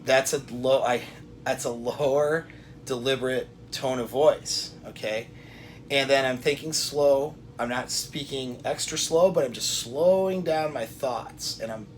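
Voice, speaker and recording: Man giving deliberate coaching advice. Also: mid-range voice, slight background noise. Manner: deliberate, coaching, repeats himself, restarts. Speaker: self-help coach. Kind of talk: direct-to-camera advice talk.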